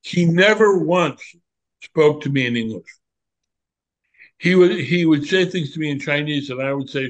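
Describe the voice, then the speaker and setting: An older man, a former monk, reminiscing in a relaxed, candid conversation and telling animated stories. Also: a little high, normal speed, long pauses, low-quality recording. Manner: animated storyteller, candid and reflective.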